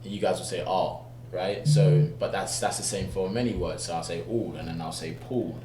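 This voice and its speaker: A man from the United Kingdom, an actor guest explaining things calmly in a relaxed interview. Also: deep voice, fairly quick. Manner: calm, explanatory, lots of fillers. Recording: echoey room with background hum.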